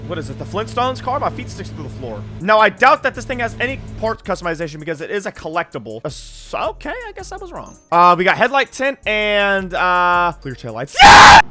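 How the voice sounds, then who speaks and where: A young man giving excited gameplay commentary as a gaming creator, blurting loud exclamations. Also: high voice, brisk, few pauses. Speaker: gaming YouTuber. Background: game music.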